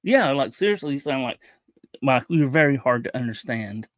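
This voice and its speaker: A man hosting a livestream, talking casually in a halting way, often repeating words and restarting his sentences. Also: mid-range voice, animated, fairly bright tone, no echo. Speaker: livestream host.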